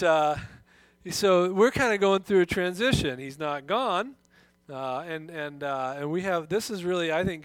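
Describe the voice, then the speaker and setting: Halting middle-aged pastor preaching. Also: male voice, a little high, no room sound. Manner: halting, restarts often, reads scripture with rising emphasis. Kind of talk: sermon.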